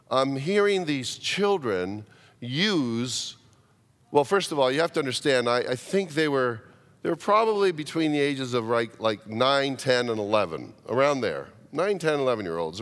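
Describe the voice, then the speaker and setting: A man's voice: mid-range voice, animated, normal speed, a bit bright. A man, a pastor telling a story in a sermon, repeating words, stopping to restart, and acting out the voices he quotes. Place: church sanctuary. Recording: long reverb of a church hall.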